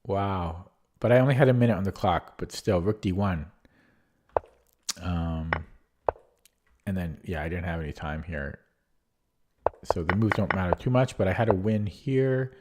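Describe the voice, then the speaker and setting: Low-voiced man musing over chess. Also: measured pace, long pauses, very noisy. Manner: thinks aloud, hesitant with many fillers and restarts. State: losing his voice. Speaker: chess streamer. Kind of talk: casual game commentary.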